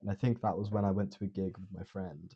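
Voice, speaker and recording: Young man, low husky voice, sardonic rambling, dull lo-fi recording. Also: little pitch movement, fast, warm tone. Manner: rambling, sardonic, lots of fillers. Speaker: podcast host. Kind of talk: casual solo monologue. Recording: dull lo-fi sound.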